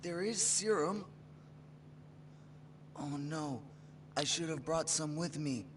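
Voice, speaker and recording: A man's voice: on the high side, slow pace, a crowd in the background. A man voicing a wounded, poisoned male team member in an old video game, with stiff, stilted delivery. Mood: weak, pained. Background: game music.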